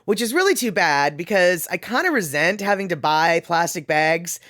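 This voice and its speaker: A woman's voice: fairly low pitch, animated, normal speed, fairly bright tone, no room sound, clean studio sound. A woman hosting a casual livestream, reading viewer comments aloud and chatting with frequent laughs and rambling asides. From Pacific Northwest, US. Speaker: livestream host.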